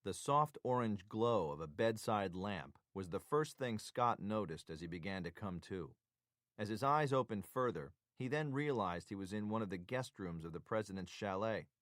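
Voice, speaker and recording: A man narrating a thriller audiobook in a measured, even way. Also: on the low side, no echo, studio quality.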